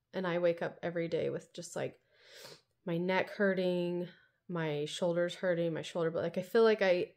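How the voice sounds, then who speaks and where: A woman's voice: on the low side, darkish tone. A woman in her thirties chatting casually in a home vlog, rambling with lots of fillers. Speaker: vlogger.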